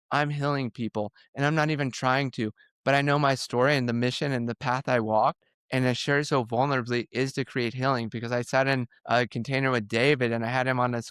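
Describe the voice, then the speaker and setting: A man's voice: mid-range voice, clean tone, no room sound, studio quality. A man guest on a podcast, talking candidly and intensely, acting out what he said to others as he tells his story. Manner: intense, animated storytelling, quoting himself.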